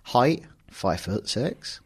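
A man's voice: on the low side, very animated, very slow, darkish tone, slightly rough. A man co-hosting a podcast in casual chat, wry and chatty as he reads out listener emails. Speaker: podcast co-host.

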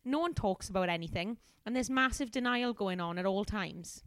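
A woman's voice: mid-range voice, normal speed, no echo, close to an everyday voice. A woman voicing a chatty young female office temp in a put-on Welsh accent, confiding and talkative.

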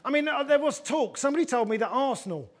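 A man's voice: very high voice, lively intonation, fast. A man hosting a comedy panel in front of a studio audience, rambling and teasing himself. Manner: rambling, self-mocking, hesitant. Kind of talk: jokey live panel hosting.

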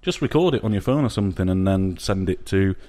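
Dry matter-of-fact sheffield guy on a podcast, low voice, chuckles at his stories. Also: animated, fast, mellow. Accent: Sheffield English. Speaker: podcast co-host. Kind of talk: casual chat.

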